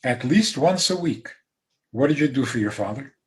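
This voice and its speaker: A man giving a rabbi's talk over a video call, emphatic, with dry humor and soft laughs. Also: medium pitch, expressive, moderate pace. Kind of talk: talk on a zoom call, answering questions.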